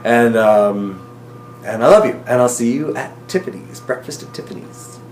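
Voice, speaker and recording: A young man recording a casual video diary for his partner, talking in an excited, emotional, rambling way. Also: mid-range voice, moderate pace, echoey room, loud music behind the voice.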